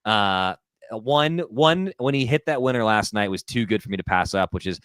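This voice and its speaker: A man co-hosting a live tennis stream, talking in a relaxed, easygoing way and fond of puns. His voice is fairly low, smooth and clear. The recording is dry and close to the mic. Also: normal speed, no echo. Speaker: co-host and doubles player. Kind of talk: casual live-stream chat.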